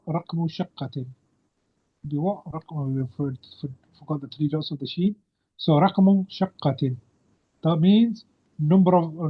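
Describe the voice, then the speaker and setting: A man teaching an Arabic grammar lesson over a video call, patiently quizzing his student. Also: on the high side. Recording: muffled video-call audio.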